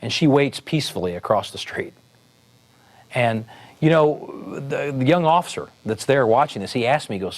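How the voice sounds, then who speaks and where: A man, a police sergeant, telling a story in a relaxed, conversational way with frequent fillers and restarts. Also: mid-range voice, normal speed. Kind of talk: storytelling talk.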